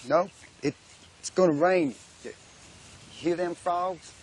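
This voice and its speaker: An actor playing a gentle, simple-spoken rural father, patiently explaining. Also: sits high, takes it slowly, a little hiss or hum.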